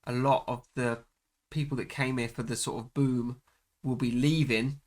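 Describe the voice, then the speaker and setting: A man's voice: mid-range voice, steady tone, normal speed. A young man from England chatting casually on a podcast, laughing often and adding trailing asides. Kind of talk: casual chat.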